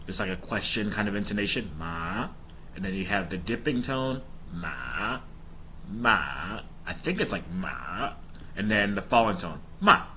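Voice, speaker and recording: A man casually tells viewers about his language study plan and pronunciation practice, using chatty filler ums. His voice is lowish with a fairly bright tone, and the recording has a little hiss or hum.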